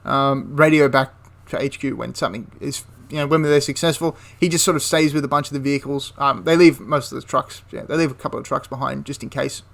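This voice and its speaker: A young history channel host chattily retells a wartime story, often correcting himself mid-sentence. His mid-range voice is steady and fairly bright with vocal fry, moving a little fast with hardly any pauses.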